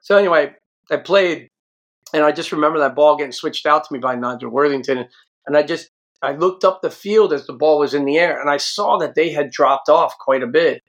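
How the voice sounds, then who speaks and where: A man in his fifties from the United States, telling stories from his playing days in a casual, animated way. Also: a little high, fairly quick, highs cut off. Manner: animated, acts out quoted voices. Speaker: guest, former pro soccer player. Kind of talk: casual storytelling.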